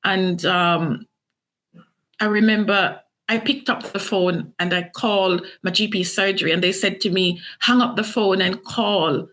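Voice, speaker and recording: In an interview, a middle-aged author from Jamaica emotionally retells her own experiences, performing the quoted lines with earnest feeling. Her medium-pitched voice is steady, a little slow and a bit bright.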